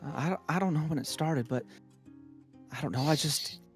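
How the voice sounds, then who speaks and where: A man voicing a tearful, eager young girl priestess in a halting, soft voice. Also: a little high, soft background music, lightly acted.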